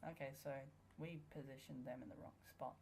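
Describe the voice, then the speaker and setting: A woman talks through a strategy game in casual let's play commentary. Her voice sits low with a gravelly fry. She is sarcastic and playful, and swears freely at the game. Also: steady tone, brisk, a little mellow, a little hiss or hum. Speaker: gamer.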